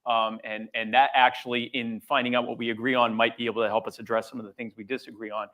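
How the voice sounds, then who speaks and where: A man speaking after a debate, measured and reflective, with some stammered restarts. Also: medium pitch, flat delivery, bright, forceful tone. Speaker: debate participant. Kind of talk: post-debate remarks.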